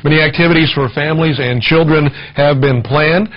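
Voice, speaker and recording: A man doing live broadcast commentary, relaxed and conversational as he describes what is on screen. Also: a little high, a little fast. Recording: dull broadcast audio with background noise.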